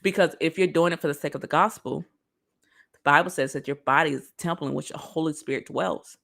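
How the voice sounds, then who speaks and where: A woman giving a casual motivational talk on self-love straight to her viewers, lively and preachy. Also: deep voice, fast talker, vocal fry. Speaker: motivational speaker.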